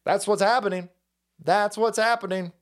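A man's voice: sits high, steady tone, moderate pace. A man ranting on his stream in political commentary, profane and mocking, swearing freely. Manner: profane, mocking, mimics opponents in silly voices. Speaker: streamer host.

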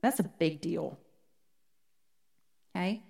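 A woman teaching a Bible study, rereading verses slowly and earnestly. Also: fairly low pitch, lively intonation, creaky, dark tone.

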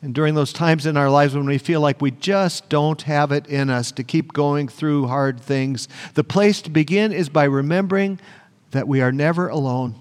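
Pastor guy preaching, kinda high voice, long echo from the church hall. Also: moderate pace. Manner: earnest, emphatic repetition. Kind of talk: sermon.

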